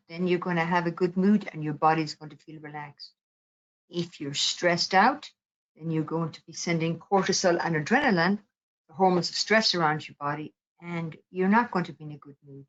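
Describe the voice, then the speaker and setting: Calm mindfulness teacher, a woman with a low voice and a gentle, unhurried delivery; slightly dull recording. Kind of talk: guided mindfulness talk.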